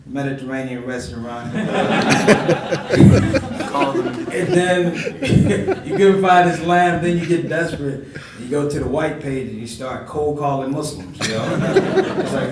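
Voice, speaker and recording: A man's voice: mid-range voice, unhurried. A comedian in his forties tells stories on a panel, slipping into the voices of the people he quotes. His voice sounds a bit far from the mic, in a roomy, echoing hall. Background noise runs under it. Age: 40s. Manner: animated storyteller who acts out quoted voices with laughter. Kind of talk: storytelling panel talk.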